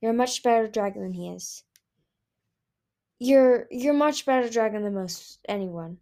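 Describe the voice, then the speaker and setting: A woman voicing a gentle shy young dragon girl. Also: a little high, measured pace. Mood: earnest. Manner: soft, earnest.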